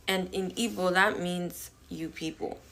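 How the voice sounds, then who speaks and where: Lower-voiced woman explaining. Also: fairly even intonation, unhurried, fairly bright tone. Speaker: commentator. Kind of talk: explainer talk.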